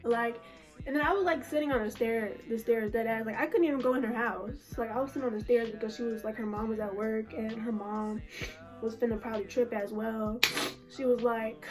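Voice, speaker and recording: Young woman, slightly high voice, casual slangy storytime, emotional, faint music under. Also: fairly even intonation, a little fast, a little mellow. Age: young adult. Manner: emotional, slangy, full of fillers. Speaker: vlogger.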